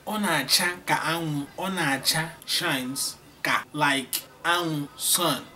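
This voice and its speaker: A man's voice: on the high side, slow, pushed and bright, distant mic, a little hiss or hum. A man teaching an online language lesson, drilling phrases by repetition with playful teasing asides. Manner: emphatic, repeats phrases for drilling.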